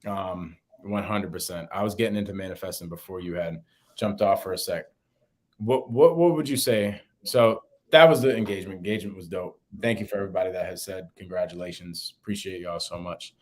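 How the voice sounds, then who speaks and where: A young man, co-host of a podcast, telling a story in casual chat and acting out quotes in a higher voice. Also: fairly quick. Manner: animated, acts out quotes in a higher voice.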